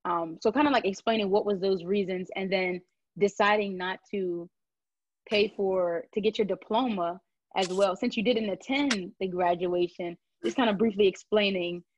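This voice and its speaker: A woman's voice: mid-range voice, normal speed, no echo. A young woman interviews an alumna, talking in a chatty, casual way full of fillers and restarts. Her voice sits in the middle of the range, and the recording sounds dry and slightly dull. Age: young adult. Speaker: student interviewer. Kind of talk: casual oral history interview.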